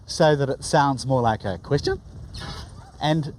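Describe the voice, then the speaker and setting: A man's voice: medium pitch, unhurried, darkish tone, a little hiss or hum. A man with a New Zealand accent giving wry, scripted documentary narration.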